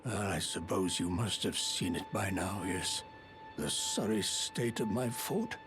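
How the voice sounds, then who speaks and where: A man's voice: deep voice, measured pace, over music. A man voicing a pompous, courtly noble lord in a video game, speaking in a formal, grandiose, old-fashioned way. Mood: grave. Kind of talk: video game character dialogue.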